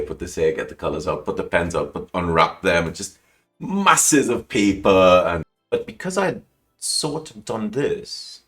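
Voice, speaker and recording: A man telling an emotional personal story as a podcast guest, animated and rambling, with frequent restarts. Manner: animated, acts out quoted lines with big pitch jumps. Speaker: guest calligrapher.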